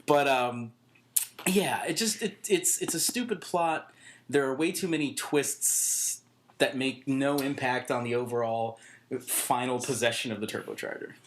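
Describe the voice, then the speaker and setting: A man's voice: mid-range voice, measured pace, slight background noise. A man co-hosting a podcast, chatting casually about a movie, joking and laughing often. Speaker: podcast co-host. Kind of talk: casual movie-review chat.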